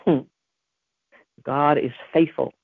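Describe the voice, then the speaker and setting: A woman's voice: deep voice, steady tone, takes it slowly, vocal fry, slightly rough, no room sound, phone-quality sound. A woman hosting a devotional podcast, preaching earnestly and emphatically and quoting scripture. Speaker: podcast host.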